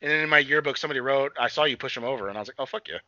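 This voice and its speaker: A young man co-hosting a casual podcast, swearing freely and rambling through a recap while acting out characters in quick voices. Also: mid-range voice, bright, forceful tone, no room sound. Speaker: podcast co-host. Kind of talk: casual profane chat recapping a TV episode. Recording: dull lo-fi sound.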